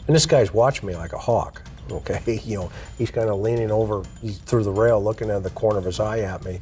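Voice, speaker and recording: A middle-aged man with a lowish voice tells a story as a guest in an interview. He talks in a loose, unhurried way and often fills pauses with "you know" and "uh". Soft music plays faintly under his voice. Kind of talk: casual spoken anecdote.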